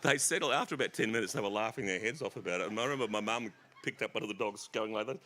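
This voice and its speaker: A middle-aged Australian man telling family stories as an author guest on a festival stage, animated and laughing. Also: lowish voice, rapid-fire, hardly any pauses. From South East Queensland, Australia. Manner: animated, bursts into shouted impressions and laughter.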